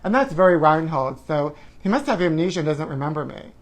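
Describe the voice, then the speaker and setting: Hosting a live stream, a forty-something man chats through viewer comments with campy theatrics, whooping and addressing people as honey. He talks fairly quickly in a slightly high, very animated voice.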